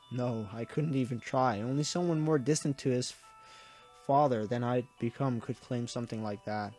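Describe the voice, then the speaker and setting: A man's voice: mid-range voice, normal speed, a little mellow, soft background music. A young man reading a visual novel aloud, tearful, his voice breaking as he narrates earnestly. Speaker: gaming YouTuber.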